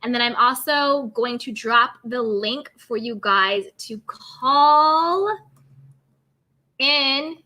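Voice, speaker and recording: An animated woman hosts a live recap stream, reading viewer comments and dishing gossip while she keeps calling every claim alleged. Her voice sits a little high and comes across bright and forceful. She talks with an easy, chatty looseness. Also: extremely slow. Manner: animated, laughs often.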